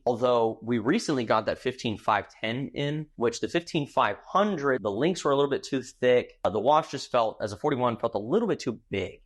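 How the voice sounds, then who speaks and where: A man from Texas hosting a casual product showcase as a watch dealer, chatty and enthusiastic as he rambles about a piece. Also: medium pitch. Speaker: watch dealer and show host.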